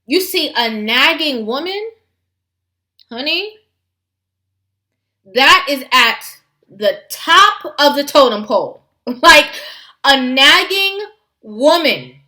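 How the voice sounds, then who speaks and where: A woman vlogger gives her take to her viewers in a chatty way, full of fillers. Her voice is high and bright. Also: animated, takes it slowly, long pauses. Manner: chatty, lots of fillers, addresses viewers as honey. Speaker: vlogger host. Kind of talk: commentary vlog.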